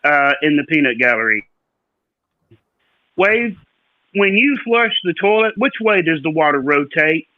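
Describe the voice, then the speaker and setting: A man's voice: a little high, lively intonation, measured pace, long pauses, dry recording, phone-quality sound. A man joining a stream chat, joking and stammering over his words. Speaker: stream guest. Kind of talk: casual chat.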